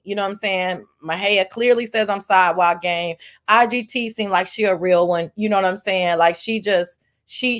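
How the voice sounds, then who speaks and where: A woman hosting a livestream, giving profane, animated commentary, reading viewer messages. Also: on the high side. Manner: animated, profane, reads chat aloud. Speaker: livestream host. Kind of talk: casual commentary chat.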